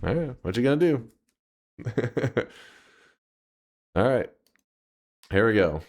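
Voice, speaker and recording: A man streaming a game talks casually to his viewers in a mid-pitched voice that swings widely. He swears freely and leaps into high, indignant protests, then drops back to easy banter. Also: sing-song, takes it slowly. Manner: argues and banters with chat. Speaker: live streamer. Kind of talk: casual live-stream commentary.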